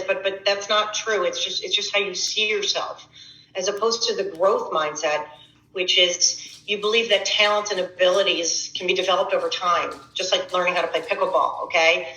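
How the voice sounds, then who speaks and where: A middle-aged woman coach talks through a workshop in a loose, conversational way, often stumbling and restarting her words. Her voice comes across bright and forward. The sound is roomy and a little muffled. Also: on the low side, fairly even intonation, normal speed. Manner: conversational and repetitive, with frequent restarts and stammers. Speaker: fitness coach running a workshop. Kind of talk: casual motivational workshop talk.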